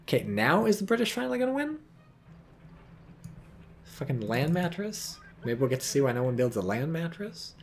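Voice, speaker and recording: A man's voice: a little high, sing-song, moderate pace, pauses often, slight background noise. A man giving casual, profane, sarcastic commentary on a strategy game replay and reading viewer chat aloud.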